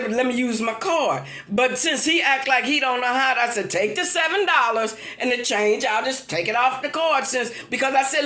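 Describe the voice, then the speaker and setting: Woman, high voice, echoey room, exasperated storytelling, laughing while venting. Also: bright, forceful tone. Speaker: vlogger. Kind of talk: casual storytelling rant.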